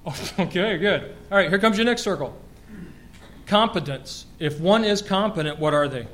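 A man preaching a sermon, lively and joking, quizzing the congregation as he goes. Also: sits high, moderate pace.

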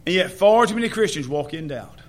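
A man's voice: high voice, expressive, brisk. A man preaching a sermon in a folksy way, asking the congregation questions.

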